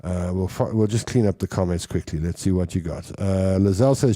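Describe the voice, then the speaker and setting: Rambling host, low voice. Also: male voice, a little fast, hardly any pauses, dark tone, a little hiss or hum. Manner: rambling, chuckling, chatty. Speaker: show host. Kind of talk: casual livestream chat, reading viewer comments.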